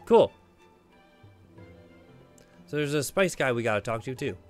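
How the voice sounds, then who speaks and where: A man's voice: medium pitch, animated, unhurried, a little mellow, faint music behind. A man hosting a blind let's play, giving casual gameplay commentary with playful, joking asides.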